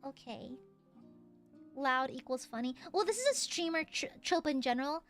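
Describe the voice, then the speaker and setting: A woman's voice: sits high, fairly bright tone. A young woman streaming casually as a VTuber, playful and jokey, often breaking into laughs and squeals. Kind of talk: casual livestream chat.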